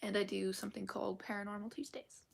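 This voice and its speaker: A woman's voice: medium pitch, fairly even intonation, normal speed, vocal fry. A woman chatting casually with her viewers on a live stream from her bedroom, rambling and often slipping into a whisper. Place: bedroom at home.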